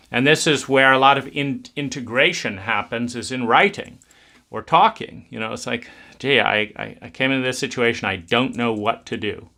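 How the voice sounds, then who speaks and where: A man's voice: medium pitch, sharp tone. A man giving a reflective self-help talk in a conversational, musing way, acting out inner voices as he goes. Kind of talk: reflective spoken talk on adulthood.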